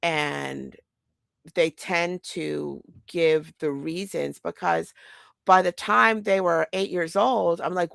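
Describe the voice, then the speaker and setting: A middle-aged woman talks straight to the point in a blunt casual monologue. Her mid-pitched voice has a gravelly edge. The sound is close and dry with no room echo. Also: slow. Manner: blunt, animated, quotes others in acted voices. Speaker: mother and podcast host.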